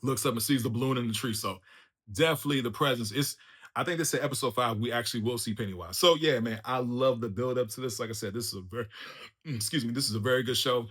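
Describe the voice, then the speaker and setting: A man in his own channel's review video, talking off the cuff at an ordinary mid pitch. He keeps it loose and animated, slipping in laughs and casual slang like "bro" as he goes. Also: quick pace. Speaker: YouTube reviewer.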